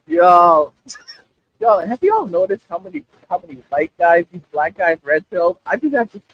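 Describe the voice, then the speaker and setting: A man's voice: sits high, a little fast, slightly rough, dry recording, muffled recording. A man hosting a livestream, talking casually and repeating himself as he speaks straight to his chat. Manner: animated, repetitive, addresses chat directly. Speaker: livestream host.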